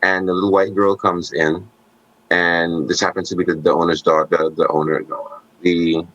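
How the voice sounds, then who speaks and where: A man co-hosting a podcast, telling stories in casual conversation with animated asides and jokes. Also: low-pitched, normal speed, dry recording, highs cut off. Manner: animated storytelling, joking asides.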